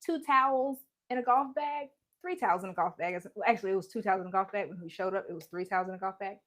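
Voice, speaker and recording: A woman's voice: mid-range voice, quick pace, a bit bright. A woman hosting a casual embroidery livestream from home, chatty and joking, laughing often and greeting viewers by name. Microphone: live-streaming setup.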